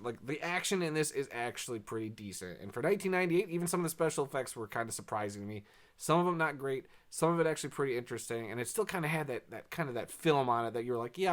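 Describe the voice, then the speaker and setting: A man reviews a movie in a loose, unscripted way. He rambles, drops lots of fillers, and keeps a dry, sarcastic edge. He often sighs or laughs, and his voice sits at a middle pitch. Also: a bit bright. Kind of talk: casual spoken review.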